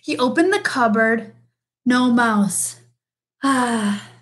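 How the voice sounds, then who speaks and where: Slow, expressive woman reading aloud. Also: high voice. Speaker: storybook reader. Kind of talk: reading a picture book aloud.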